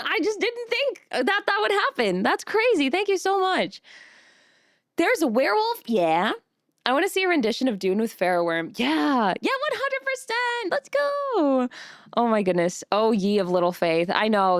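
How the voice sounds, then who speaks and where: Bubbly high-voiced woman streamer. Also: no room sound, clean studio sound. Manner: bubbly, reads chat aloud, laughs often. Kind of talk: casual live-stream chat.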